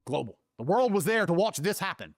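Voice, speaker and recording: A man's voice: high-pitched, very animated, a little fast, no room sound, clean studio sound. A middle-aged man telling a long story on a podcast, swearing freely and acting out what others said in mocking voices. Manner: profane, acts out quoted lines in mocking voices. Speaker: podcast guest. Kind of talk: animated storytelling in a podcast clip.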